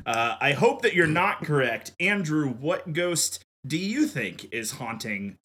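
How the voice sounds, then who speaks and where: Male podcast host, bright and forceful tone, exasperated, laughing along. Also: a little high, sing-song, slightly rough. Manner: exasperated, incredulous, quick to laugh. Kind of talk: comedy podcast chat.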